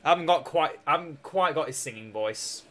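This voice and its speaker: A man's voice: fairly high pitch, lively intonation, brisk, pushed and bright. Chatty Scottish man with a sore throat. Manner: rambling, chatty, jokey, laughs often. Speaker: game streamer. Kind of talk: casual live-stream chat.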